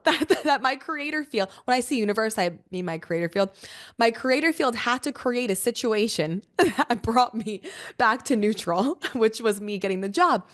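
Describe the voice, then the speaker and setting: A young woman podcast host telling a personal story casually, expressive, laughing often and swearing freely. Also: a little high.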